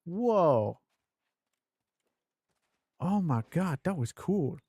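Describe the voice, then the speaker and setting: A man streaming a game and commenting as he plays, excitable and quick to swear and burst into exclamations. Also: fairly high pitch, dry recording, studio quality. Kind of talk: gameplay commentary.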